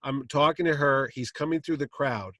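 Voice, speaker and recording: A man at a convention panel spins a long, animated anecdote and slips into the voices of the people in it. His voice sits at a middling pitch. The sound is dry and close, with little room around it. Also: moderate pace, no echo. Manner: lively anecdote, acting out quotes. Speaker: comic con panel host telling a story. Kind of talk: animated storytelling. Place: convention stage.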